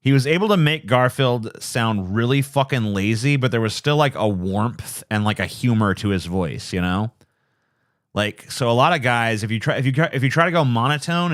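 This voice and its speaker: Guy chatting on a late night stream, kinda low voice, rambly and swears a lot, puts himself down. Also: a bit bright. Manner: rambling, profane, self-deprecating. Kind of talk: casual late-night livestream chat.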